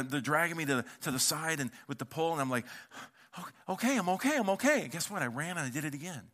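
Bright-voiced pastor preaching animatedly. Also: male voice, mid-range voice. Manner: animated storytelling, acting out quoted voices; conversational, with casual slang and repeated words. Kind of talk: sermon.

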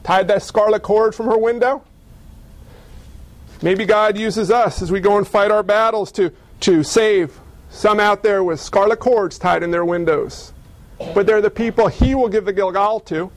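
High-voiced pastor preaching conversationally. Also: male voice, measured pace, no echo, low-quality recording. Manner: conversational and emphatic, with playful asides. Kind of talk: sermon.

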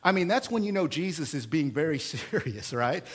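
A man preaching a sermon in a conversational, emphatic way, with rhetorical questions and swings between loud bursts and quiet asides. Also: a little high, very animated, moderate pace, breathy edge. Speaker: pastor.

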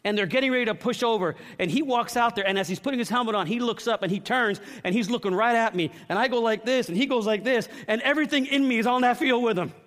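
Preacher: middle-aged man, high voice, dramatic storyteller who acts out scenes and shouts. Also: quick pace, few pauses. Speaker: pastor. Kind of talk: sermon.

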